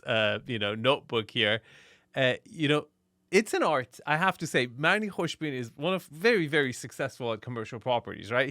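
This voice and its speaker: A man's voice: medium pitch, sharp tone. A man reacting to a property video with casual, wry commentary, laughing often and restarting his sentences.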